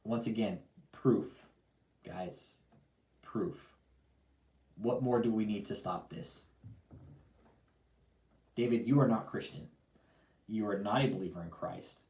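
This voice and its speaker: A lowish, slightly mellow male voice with a slow pace and frequent pauses, heard in a reverberant space. During his livestream, the host rants heatedly, cursing in anger, repeating himself, and singling out his target by name.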